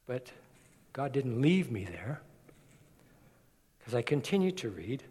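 A man's voice: mid-range voice, big pitch swings, slow pace, a little mellow, slightly rough. Guy giving a sermon, earnest, tells stories and acts out the quotes, voice rings around a big echoey hall. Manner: earnest, storytelling with acted quotes. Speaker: preacher. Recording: long hall reverb.

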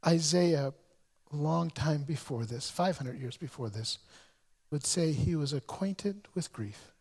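A man's voice: on the high side, lively intonation, measured pace, a little mellow, slightly rough. A male pastor preaching a sermon, telling a story earnestly and often stumbling over repeated words.

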